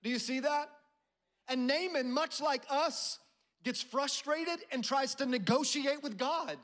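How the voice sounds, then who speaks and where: A man's voice: very high voice, measured pace, a bit bright. A middle-aged male pastor preaching a sermon, prompting the congregation to answer and acting out a proud general's complaints. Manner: preaching with call-and-response prompts.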